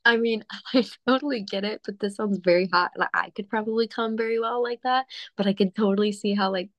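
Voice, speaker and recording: A woman's voice: medium pitch, fairly even intonation, a little fast, dry recording, muffled recording. Blunt, laughing young woman. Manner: blunt, laughs easily, filler-heavy speech. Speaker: podcast guest. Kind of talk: candid casual chat.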